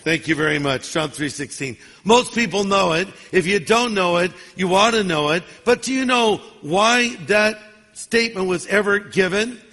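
A man in his sixties, a pastor, preaches a sermon in a folksy, humorous storytelling style. His voice sits high and sounds sharp, and he moves at a moderate pace. The long reverb of a large hall surrounds him.

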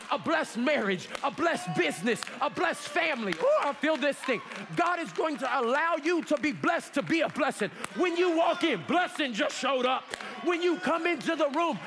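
A man preaching a fervent sermon, calling on the congregation to repeat after him and rising to shouts. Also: very high voice. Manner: fervent preaching with call-and-response, shouting at peaks. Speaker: pastor. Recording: long hall reverb.

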